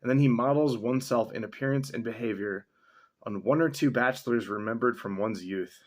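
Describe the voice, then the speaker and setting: A man casually reacting to a text he reads, rambling and sarcastic, swearing freely and filling pauses with ums and likes. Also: mid-range voice. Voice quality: mustache-wearing man chuckling between remarks. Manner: profane, sarcastic, thinks aloud with many fillers. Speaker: vlogger reading and reacting to a text.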